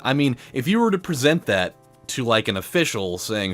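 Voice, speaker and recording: A man's voice: mid-range voice, big pitch swings, moderate pace, fairly bright tone. A man narrating his racing game session in a loose, rambling storyteller way. His mid-range voice swings up and down a lot as he talks, and faint game music plays underneath. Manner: rambling, storytelling, frequent fillers. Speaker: let's play host. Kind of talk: casual gameplay commentary.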